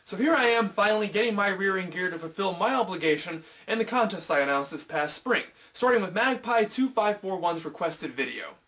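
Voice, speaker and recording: A man's voice: sits high, lively intonation, fairly quick, hardly any pauses, bright, forceful tone. An American man hosting a comedic film review, joking in a sarcastic, self-mocking way. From United States.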